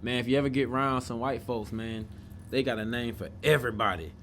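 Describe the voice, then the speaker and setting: A man's voice: medium pitch, fairly quick, a little hiss or hum. A man hosting a podcast, giving loose, profane reaction commentary and talking back at the video in disbelief. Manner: animated, incredulous, profane, talks back to the screen.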